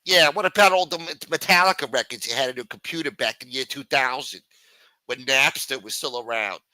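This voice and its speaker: A man's voice: mid-range voice, a little fast, bright, forceful tone, no room sound. A man hosting a live stream, ranting and swearing constantly in an irritated, complaining way. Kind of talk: casual profane rant reacting to a stream.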